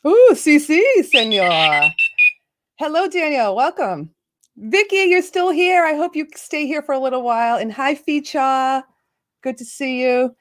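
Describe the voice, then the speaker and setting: A chatty woman hosts a casual livestream. Her voice sits a little high, and she greets viewers by name with quick laughs between the chatter. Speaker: livestream host. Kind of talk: casual live chat.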